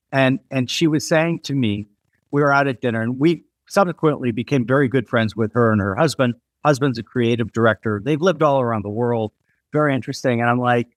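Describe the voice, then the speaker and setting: An American podcast host speaks in a mid-range voice, recorded cleanly in a studio with no echo. During a casual interview he tells rambling stories, often restarting his sentences.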